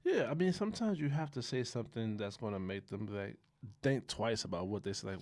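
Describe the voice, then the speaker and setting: A man co-hosting a casual podcast chat, animated and acting out quotes in raised voices. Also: on the low side, brisk, dry recording. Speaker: podcast co-host.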